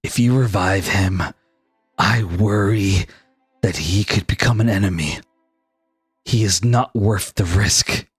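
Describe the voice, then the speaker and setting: Man doing sinister god of sin, low slow warnings, deep-pitched, dry sound. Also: husky, no room sound, faint music behind, full character voice. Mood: ominous warning.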